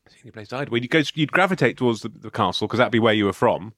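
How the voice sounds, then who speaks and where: A man's voice: mid-range voice, lively intonation, racing, a bit bright, dry recording, studio quality. A man co-hosting a comedy chat podcast, riffing on ideas and laughing often. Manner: riffing, bursts into laughter, puts on silly voices. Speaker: podcast co-host.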